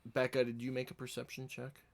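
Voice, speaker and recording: A man running a tabletop game as dungeon master, relaxed and laughing often between his descriptions. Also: mid-range voice, fairly quick, creaky.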